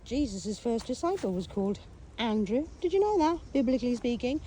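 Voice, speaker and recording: A woman from England recounts her life story casually, speaking briskly in a fairly high, warm voice with a breathy edge and big pitch swings. She's theatrical, swears, does voices, bursts into song, and drops sardonic, self-mocking asides.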